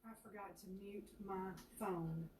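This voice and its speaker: A woman's voice: medium pitch, steady tone, a little mellow. An older woman with a Southern US accent, chatty and teasing, co-hosting a home cooking show in her kitchen. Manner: chatty, teasing, quick to laugh. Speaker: co-host. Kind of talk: casual cooking chat. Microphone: distant mic. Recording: echoey kitchen with far-off mic and background hiss.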